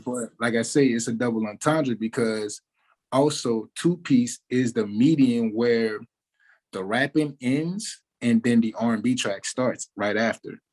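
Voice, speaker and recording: A man's voice: medium pitch, a little slow, low-quality recording. Laid-back man talking easily. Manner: relaxed, laid-back, full of fillers like "like" and "you know". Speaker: musician, interview guest. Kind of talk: casual interview talk.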